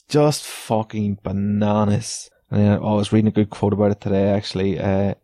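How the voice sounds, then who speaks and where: A man riffs alone on his podcast in a loose, sardonic rant, cursing freely and chuckling at his own jabs. His voice sits on the low side with a warm, mellow tone, and the recording is close and dry. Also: no echo. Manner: sweary, sardonic, laughs between lines. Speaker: podcast host. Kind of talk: casual solo rant.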